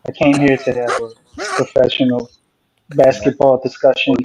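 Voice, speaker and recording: A man's voice: mid-range voice, flat delivery, moderate pace, noisy background. A man co-hosting a casual live stream from his phone, joking around and slipping into mock-formal speech. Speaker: co-host. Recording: dull lo-fi phone audio.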